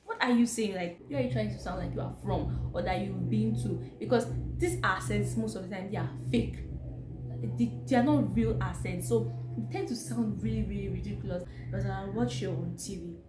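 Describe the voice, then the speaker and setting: A young Nigerian woman from Edo with a Nigerian accent, giving casual, animated commentary to camera with exasperated, mocking asides. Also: mid-range voice, a little fast, over music. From Nigeria, Edo State. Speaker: vlogger. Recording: echoey room with background noise.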